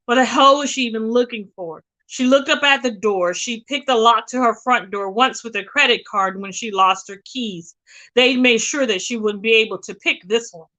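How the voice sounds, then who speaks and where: A woman reads a suspense novel aloud with dramatic, expressive delivery. Her voice is bright and tense and sits a little high for a woman. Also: normal speed, rough recording. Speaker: reader.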